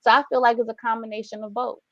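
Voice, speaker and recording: A woman's voice: on the high side, little pitch movement, fast, no echo, highs cut off. A woman on a discussion panel, speaking emphatically and with strong feeling. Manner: emphatic and fervent.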